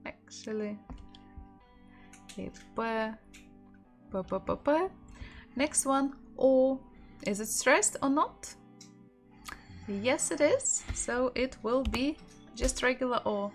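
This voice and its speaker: A woman's voice: fairly high pitch, lively intonation, slow pace, long pauses, faint music behind. A woman teaching a live-streamed Russian lesson, patiently spelling out words letter by letter and reading viewers' messages aloud.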